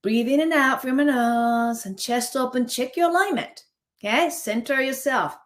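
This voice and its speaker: A woman leading a face yoga session online, her voice sitting a little high. She talks students through posture and breathing and counts the holds aloud. She keeps asking whether everyone is with her. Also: normal speed. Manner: coaching, counts out holds, keeps checking in with "okay?". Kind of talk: live online guided exercise class.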